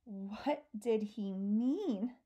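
A woman voicing a curious, brave young girl in a storybook reading, pitched above her own voice. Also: very slow, warm tone, husky, dull audio. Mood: eager. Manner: eager questions, higher than the reader's own voice.

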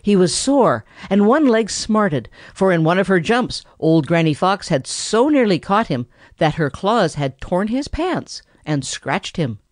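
A narrator reading a classic children's animal story aloud in a lively, expressive manner. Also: medium pitch, measured pace, hardly any pauses, no echo, clean studio sound. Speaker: audiobook narrator.

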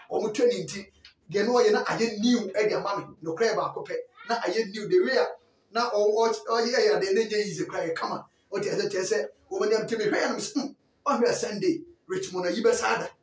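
A Ghanaian man giving football news in a lively, chatty way, often checking that listeners follow along. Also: high-pitched. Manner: animated, chatty, keeps asking listeners if they follow. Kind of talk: casual sports news chat. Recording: echoey room, voice from a distant mic.

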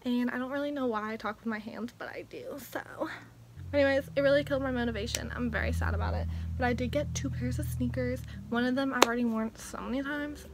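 A young woman chatting casually through a clothing haul vlog at home, speaking softly and sometimes half-whispering so as not to wake her family. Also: fairly high pitch, fast, noisy background. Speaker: vlogger. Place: at home indoors.

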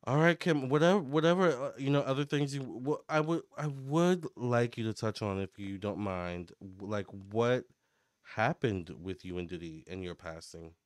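A man giving a casual psychic tarot reading to camera, chatty and excitable as he relays what he picks up in a running commentary. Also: mid-range voice, moderate pace, no room sound. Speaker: tarot reader and medium.

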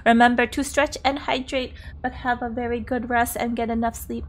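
Chatty woman streamer, slightly high voice. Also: level tone, moderate pace, hardly any pauses. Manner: chatty, greets chat and exclaims at the game; laughs often. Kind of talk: casual game livestream chat.

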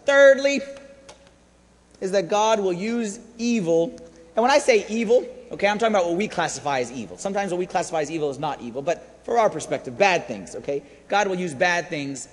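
Priest giving a lively, high-pitched sermon with long church reverb. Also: male voice, moderate pace. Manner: animated storytelling, swinging from hushed to shouting.

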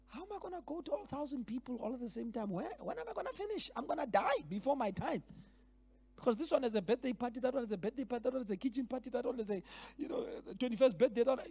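A man leading a church leadership workshop, teaching in a lively way, switching languages and acting out little scenes. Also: very high-pitched, creaky, slightly rough. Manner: animated, switches between languages, acts out scenes. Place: church hall.

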